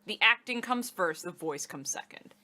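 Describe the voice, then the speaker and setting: Woman co-host, let's play chat, playful, bright tone, casual. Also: medium pitch, animated, normal speed. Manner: playful, chatty, affectionate. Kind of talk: casual chat over gameplay.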